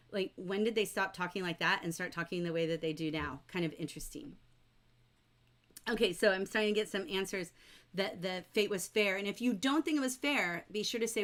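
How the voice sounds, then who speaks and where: A woman teacher leading a livestreamed novel study, chatty and lively as she reads quotes aloud and answers viewers in the chat. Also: medium pitch, normal speed. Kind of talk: livestreamed book discussion, reading chat aloud.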